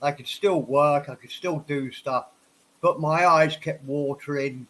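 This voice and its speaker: A man's voice: fairly high pitch, measured pace, fairly bright tone, poor audio. Casual stream host, man, stuffy nose, a bit tipsy, rambling and repeating himself. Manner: rambling, repeats words and restarts often; tipsy after a few whiskeys. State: stuffed up from a head cold. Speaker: livestream host. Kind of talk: casual livestream chat. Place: home office.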